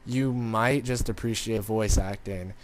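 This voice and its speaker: A man's voice: fairly low pitch, fairly even intonation, a little slow. A man giving casual gameplay commentary, rambling and informal, talking straight to his viewers. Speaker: gaming commentator.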